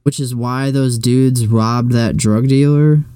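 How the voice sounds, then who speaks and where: Male podcast co-host, smooth and mellow, loose rambling delivery. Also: mid-range voice, fairly even intonation, slow pace, no room sound. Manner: rambling, lots of fillers and swearing. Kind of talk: casual chat.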